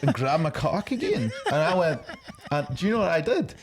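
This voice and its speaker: A man's voice: on the high side, big pitch swings, a little fast, a crowd in the background. A man from Ireland co-hosting a podcast, telling rambling stories casually and laughing at his own jokes. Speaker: podcast co-host. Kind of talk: casual storytelling chat.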